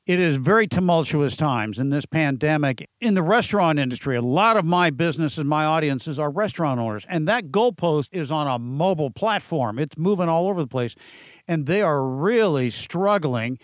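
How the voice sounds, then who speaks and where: Host, male, folksy and upbeat, slightly high voice, dry close-miked sound. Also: animated, normal speed, no echo. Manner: folksy, enthusiastic. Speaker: podcast host. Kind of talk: business interview.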